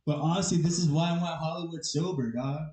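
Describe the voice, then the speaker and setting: A man's voice: fairly high pitch, steady tone, fast talker, a little mellow, far from the mic. A man starting a stand-up set in a casual, slangy way. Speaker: stand-up comedian. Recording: echoey club room with crowd.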